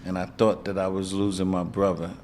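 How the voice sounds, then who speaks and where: Low-voiced New York host. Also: male voice, monotone, brisk, a little mellow, slight background noise. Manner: emotional, plainspoken, profane. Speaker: podcast host. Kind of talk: interview conversation.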